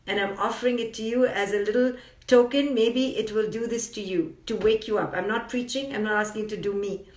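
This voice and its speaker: A woman's voice: a little high, steady tone, fairly quick, roomy sound, far from the mic. A woman psychologist giving an earnest, emphatic motivational talk on a live stream, repeating phrases for effect.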